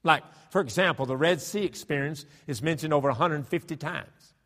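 A male pastor delivers his sermon with fervent, emphatic force. His voice sits a little high and cuts bright and forceful. A long church reverb trails each phrase. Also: brisk. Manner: starts with a hushed prayer, then builds to loud fervent preaching. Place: church sanctuary.

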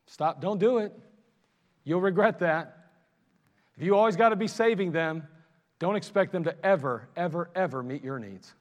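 High-voiced preacher in a reverberant church. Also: male voice, normal speed, pauses often. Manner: animated, conversational preaching with self-mocking asides. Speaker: pastor. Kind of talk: sermon. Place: church sanctuary. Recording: long reverb of a church hall.

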